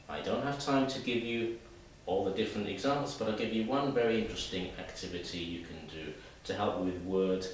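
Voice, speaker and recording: Lively man teaching in an echoey room. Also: lowish voice, far from the mic, slight background noise. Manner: lively, demonstrative, talks to viewers directly. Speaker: English teacher. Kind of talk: video lesson.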